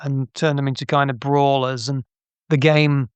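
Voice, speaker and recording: A man's voice: medium pitch, little pitch movement, normal speed, smooth, no room sound. A middle-aged man, an interview guest, telling anecdotes in a chatty way with frequent restarts and laughs. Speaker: interview guest, game artist. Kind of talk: casual interview storytelling.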